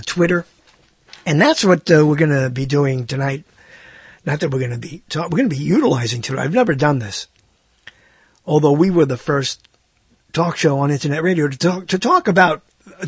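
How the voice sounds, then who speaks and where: A man's voice: fairly high pitch, husky, no room sound. A man hosting a live internet radio talk show, rambling and hesitant, with self-mocking asides.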